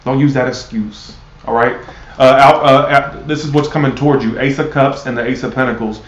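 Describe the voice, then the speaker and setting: Blunt male tarot reader, sarcastic and profane, mid-pitched, roomy lo-fi sound. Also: steady tone, fairly quick. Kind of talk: live tarot reading.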